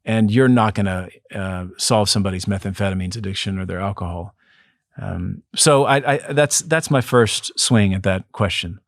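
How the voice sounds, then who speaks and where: A man with a lowish voice talks earnestly and at a measured pace, a psychotherapist reflecting aloud as an interview guest. He restarts phrases now and then. The sound is dry and close, with no room around it. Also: dry recording. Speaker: depth psychotherapist, podcast guest.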